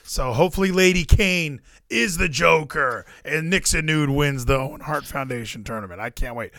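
A man co-hosting a casual wrestling chat, animated and jokey, swearing freely. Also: a little high, normal speed, dry recording, studio quality. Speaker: podcast co-host.

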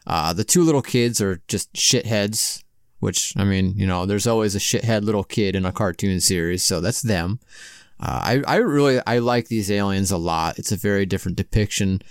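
A man with a low, smooth voice co-hosting a podcast, chatting loosely and swearing as he goes. The sound is dry, right up on the mic with no room echo. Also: normal speed. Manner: loose and swears freely, laughing as he talks. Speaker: podcast co-host. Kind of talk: casual chat.

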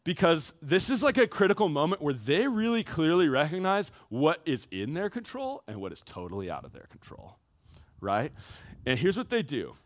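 A man preaching a sermon to high schoolers as a youth pastor, talking casually and conversationally with frequent asides. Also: very animated, normal speed, dry recording.

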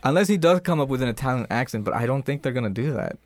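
A man's voice: medium pitch, expressive, rapid-fire, no echo. Rambling young man, dry mic. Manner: rambling, lots of fillers and restarts. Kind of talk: casual podcast chat.

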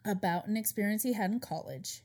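A podcast co-host relays a story to her partner in casual chat, her mid-range, slightly mellow voice moving fairly quickly. She's a loose, chatty storyteller who uses lots of fillers.

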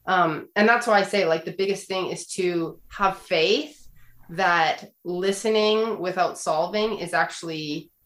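Low-voiced woman counselor in an echoey room. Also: a little slow, a bit bright. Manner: earnest and explanatory, acts out quoted phrases. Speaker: guest counselor giving relationship advice. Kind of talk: casual podcast conversation. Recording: roomy echo.

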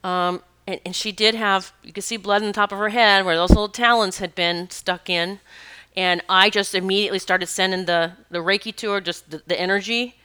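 A woman working as a spiritual teacher, telling stories in a casual monologue, animated and emphatic, laughing often. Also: mid-range voice, a little fast, smooth.

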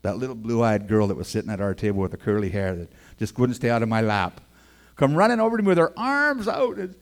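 A man's voice: lowish voice, fast. A man telling his life story as a personal faith testimony in a casual, folksy way, acting out the people in it. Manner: animated, acts out the other people's voices in his story; casual and folksy, with 'man' and 'boy, I tell you'. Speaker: speaker giving a personal testimony.

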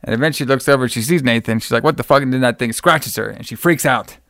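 A man recaps a movie for a podcast and throws in constant profanity and silly character voices. His voice is smooth and clear, and it is recorded dry and close. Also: quick pace, a bit bright, no room sound. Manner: profane, joking, acts out characters in a high voice. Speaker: podcast host. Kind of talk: casual movie recap chat.

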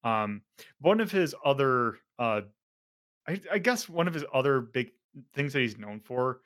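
A man's voice: mid-range voice, expressive, unhurried, fairly bright tone. A man hosting a casual podcast, rambling with lots of fillers and self-corrections. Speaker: podcast host.

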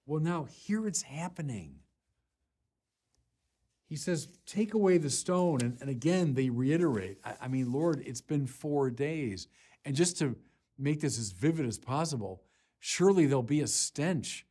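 Slow, measured male preacher. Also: on the high side, lively intonation. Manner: measured, rising to forceful emphasis on key lines; unhurried, with small restarts and light laughs. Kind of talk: sermon.

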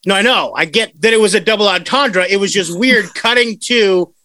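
A young man hosting a late-night podcast, excitable and swearing, often laughing. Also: high-pitched, normal speed, no room sound. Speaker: podcast host.

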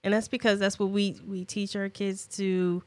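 A middle-aged woman co-hosting a casual podcast chat about parenting and relationships, reflective and quick to laugh. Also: mid-range voice, little pitch movement, no echo. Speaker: podcast co-host.

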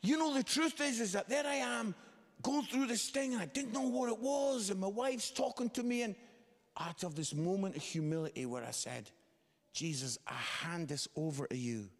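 A man preaching a sermon, telling a story with lively, animated delivery and quoted voices. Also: extremely high pitch, moderate pace. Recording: long hall reverb.

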